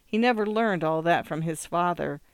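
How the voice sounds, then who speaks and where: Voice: medium pitch, moderate pace, clean tone, dry recording, clean studio sound, natural voice. A narrator voicing a nervous young farm woman who pleads and rambles, in an audiobook reading. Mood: pleading. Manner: earnest, anxious, rambling.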